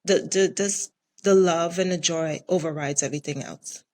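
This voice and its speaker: A woman's voice: lowish voice, normal speed, darkish tone. A middle-aged woman from the Caribbean, a restaurant owner talking in a casual interview, earnest and repeating herself for emphasis.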